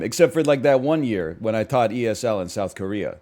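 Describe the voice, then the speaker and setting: A man's voice: lowish voice, lively intonation, brisk, darkish tone. A man in his thirties from Canada, a streamer ranting in casual chat with sarcastic, mock-outraged asides.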